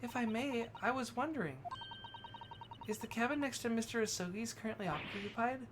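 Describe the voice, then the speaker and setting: Dude putting on a polite young woman voice, pitched up, soft and formal, hissy mic. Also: fairly quick. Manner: raised, polite falsetto-ish delivery. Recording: noisy background hiss.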